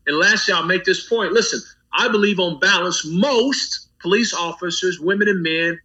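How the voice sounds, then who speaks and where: A man with a bright, high voice speaks with a preacher's cadence, stacking phrases in rhythmic runs and lifting his emphasis as he goes. The audio is dull and lo-fi, with a muffled top end. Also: normal speed. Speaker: pastor. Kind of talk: impassioned guest commentary on a talk program.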